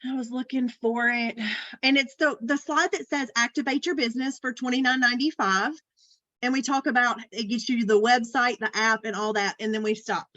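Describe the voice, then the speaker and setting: A woman walks through how she presents her pitch, in a chatty way, often laughing at herself. Her voice sits a little high. The call audio is dull and muffled. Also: steady tone, moderate pace, pushed and bright. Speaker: team leader presenting. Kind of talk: casual presentation on a video call.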